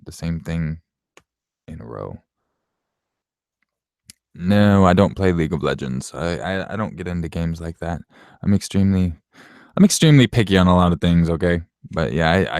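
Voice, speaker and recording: A man's voice: low-pitched, a little mellow, dry recording, studio quality. A man in his late twenties at home, answering viewer questions in a blunt, offhand way, swearing and laughing often. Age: late 20s. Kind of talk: casual Q&A chat.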